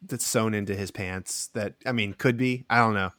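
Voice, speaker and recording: A man's voice: lowish voice, fairly even intonation, moderate pace, a bit bright, no echo. A man narrating a tabletop game as game master, wry, slipping into character voices.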